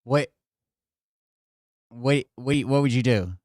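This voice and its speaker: A man's voice: mid-range voice, slow pace, a little mellow, dry recording, clean studio sound. A man vlogging from indoors at his home, telling a rambling, profane story straight to his viewers.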